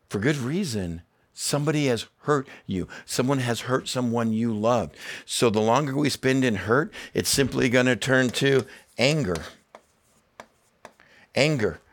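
A middle-aged man preaching a sermon as pastor, earnest and emphatic, repeating key phrases and dropping in casual asides. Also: medium pitch.

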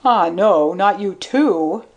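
Woman doing a fat man, brash, gruff, loud drawl, audiobook story. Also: lowish voice, expressive, unhurried.

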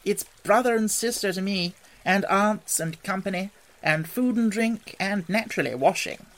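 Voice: mid-range voice, moderate pace, fairly bright tone, pitched above the performer's own voice, natural voice. A reader voicing a genial, leisurely male water rat who talks dreamily and with relish about life on the river, in a storybook reading. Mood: expansive. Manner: dreamy, enthusiastic, expansive.

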